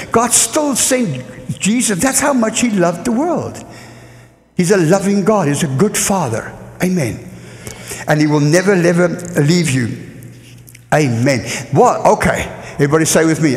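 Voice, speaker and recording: A man preaching a lively sermon to a church congregation, leading call-and-response. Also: sits high. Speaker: guest preacher. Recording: echoey church hall.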